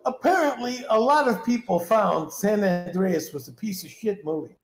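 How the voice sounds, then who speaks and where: A man with a notably high voice trades eager, argumentative points in a loose chat with friends. He talks fast and keeps pushing his case. The sound is casual and chatty. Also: echoey room.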